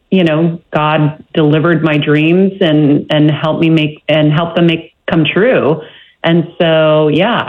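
A woman from Medford, Massachusetts, who grew up speaking Greek, talks in a bubbly, quick way. She comes through a muffled, glitchy remote connection that dulls her voice. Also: deep voice. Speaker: TV host and guest. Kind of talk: remote radio interview.

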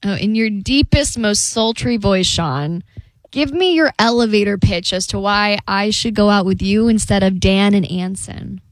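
A woman's voice: medium pitch, normal speed, dry recording. A woman co-hosting a radio show, teasing callers and the other hosts in playful banter. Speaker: radio co-host. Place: radio studio.

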